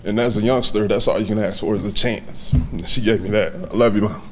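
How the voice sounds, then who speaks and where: A man in his thirties giving a heartfelt, halting acceptance speech at a hall of fame banquet, fighting back tears and laughing softly. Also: fairly low pitch, background noise.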